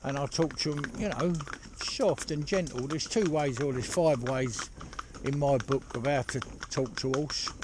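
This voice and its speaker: A horse trainer talking casually outdoors while driving a pony cart, rambling and chatty with lots of "you know". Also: male voice, medium pitch, a little slow. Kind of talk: casual spoken instruction while driving ponies. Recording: loud hoof clatter and outdoor noise.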